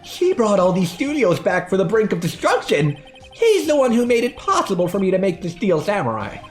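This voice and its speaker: A woman's voice: medium pitch, sing-song, a little fast, a little mellow, soft background music, pitched above the performer's own voice, lightly acted. A woman voicing a lazy, slangy middle-aged male TV director, in a drawling voice for a voice-acted game playthrough. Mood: boastful. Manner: drawled, full of internet slang. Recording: echoey room.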